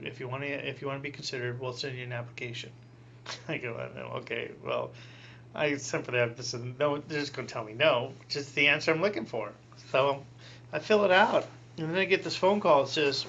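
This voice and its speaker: A middle-aged man, a priest, telling his story in an interview with animated delivery and acted-out quotes. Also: mid-range voice. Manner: animated, acts out quoted voices with laughing asides. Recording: dull lo-fi recording with faint hum.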